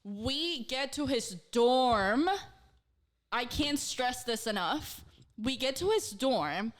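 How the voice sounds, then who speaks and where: Speaking slowly in a slightly high voice, a woman on a casual talk show she co-hosts acts out the quotes of an animated story in her own voice. She leans heavily on "like" and swears freely.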